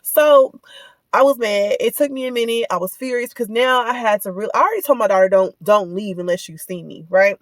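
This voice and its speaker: A woman's voice: mid-range voice, brisk, dry recording. A woman telling a personal story in a casual, heated rant, indignant and repeating herself as she retells it. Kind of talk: casual ranting vlog.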